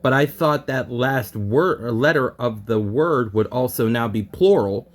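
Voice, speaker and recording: Man student, mid-pitched voice, eager, thinks out loud, repeats back. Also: unhurried. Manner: eager, talks things through, repeats back to check. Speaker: language student. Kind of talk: casual online lesson.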